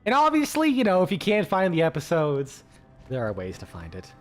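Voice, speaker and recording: A man's voice: on the high side, huge pitch swings, brisk, faint music behind. A man chatting casually with his stream viewers, rambling, full of fillers and swearing freely.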